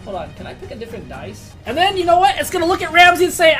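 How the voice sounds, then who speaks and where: A woman narrating a tabletop game as game master, excitable, swearing casually and laughing often. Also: high-pitched, fast talker, hardly any pauses, soft background music.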